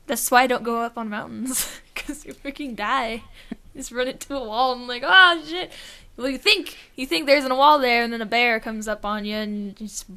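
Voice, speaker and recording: A woman chats loosely on a podcast in a bright, slightly high voice. She laughs a lot and swears offhandedly. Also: moderate pace, smooth. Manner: laughs often, swears casually. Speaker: podcast co-host. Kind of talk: casual chat.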